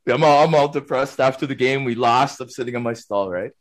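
Brief: middle-aged male guest, chatty storyteller, meandering and lively. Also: mid-range voice, a little fast, few pauses. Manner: rambling, animated, tag questions like "right?" and "man". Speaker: guest, former hockey player. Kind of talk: casual storytelling.

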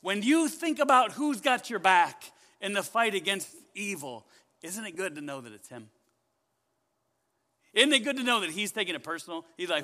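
A male pastor preaching a sermon in a high, bright, forceful voice. He talks in an animated way and keeps putting questions to his congregation. A long hall reverb trails each phrase. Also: moderate pace.

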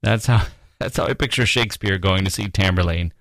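Brief: male podcast host, low-voiced, musing through literary commentary. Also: a little fast, gravelly, no echo. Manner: musing, with soft laughs and quoted readings.

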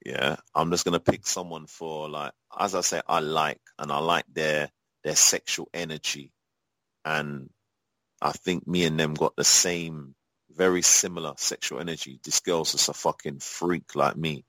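Very low-voiced man, rambling and blunt. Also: steady tone, unhurried, pushed and bright, no room sound, rough recording. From Europe. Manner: rambling, many fillers and restarts, blunt and profane. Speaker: guest, adult performer. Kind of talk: casual interview answers.

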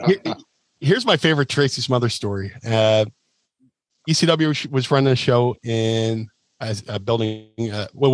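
Man, guest storyteller, animated, acts out voices, dry close sound. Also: fairly low pitch, no room sound. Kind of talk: casual storytelling.

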